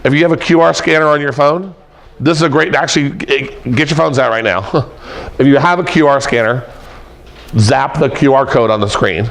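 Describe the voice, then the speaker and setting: A middle-aged man teaching presentation skills to a class, animated and joking, repeating words for emphasis. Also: mid-range voice, normal speed. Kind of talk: lively classroom lecture. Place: classroom with an audience.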